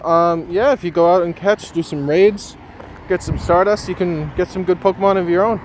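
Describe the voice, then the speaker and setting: A chatty male streamer with a slightly higher voice talks casually to his viewers, reading their comments aloud between ums. He is recorded outdoors, with clear traffic and street noise around him. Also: moderate pace. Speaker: live streamer. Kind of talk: casual live-stream chat.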